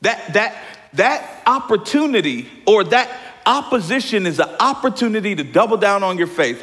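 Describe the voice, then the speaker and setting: A man in his thirties preaching a lively sermon as pastor, often calling the congregation y'all. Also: high-pitched. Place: church sanctuary. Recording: hall reverb from church sanctuary.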